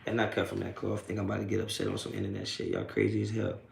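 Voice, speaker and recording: Racing and very animated, the host's fairly low, gravelly voice fills a roomy space with slight background noise. He runs a post-game sports reaction stream live, reading chat and swearing constantly as he trash-talks and mocks trolls in streetwise slang.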